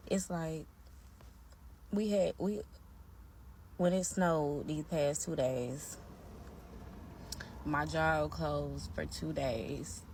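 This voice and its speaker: A woman's voice: sits low, steady tone, very slow, long pauses, darkish tone, slight background noise. A woman in a casual vlog, weary and frustrated with her job.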